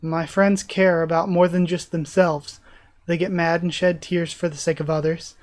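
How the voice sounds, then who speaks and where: A man reading aloud an earnest teenage boy hero's letter to his mother, in a sincere and measured way. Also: fairly high pitch, flat delivery, lightly acted.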